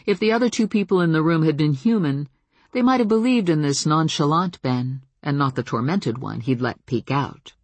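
A woman narrating a novel in the first person, with even, measured delivery. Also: low-pitched, no echo. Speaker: audiobook narrator.

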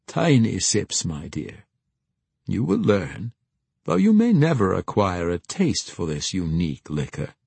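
A man voicing a kindly, courteous old male steward in an audiobook, speaking formally and gently. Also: sits low, huge pitch swings, measured pace, gravelly, breathy edge, dry recording, full character voice. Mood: gentle.

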